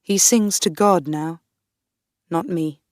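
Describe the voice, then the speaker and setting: Slow, measured woman reading a story. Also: on the low side, darkish tone, no room sound, studio quality. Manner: clear, measured. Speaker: audiobook narrator. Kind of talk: first-person story reading for learners.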